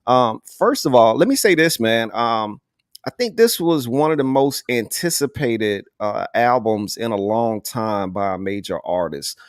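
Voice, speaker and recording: A relaxed man hosts a live online music panel, talking in an easy, slangy way with lots of "man" thrown in. His voice sits in a middling pitch. The sound is dry and close over a video call. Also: unhurried, dry recording. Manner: laid-back, slangy, says "man" often. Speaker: host. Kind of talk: casual live panel hosting.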